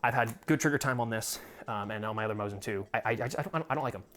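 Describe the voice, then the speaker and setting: A man's voice: mid-range voice, rapid-fire, fairly bright tone. A young American man hosting a casual video about his collection, rambling with frequent laughs and free swearing. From United States. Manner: rambling, swears freely when annoyed, laughs often. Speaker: gun collector video host. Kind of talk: casual chat.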